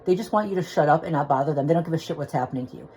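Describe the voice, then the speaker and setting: A woman's voice: low voice, rapid-fire, mellow, slight background noise, low-quality recording. A woman telling a personal story into her phone, agitated and rambling, with restarts and swearing. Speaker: vlogger.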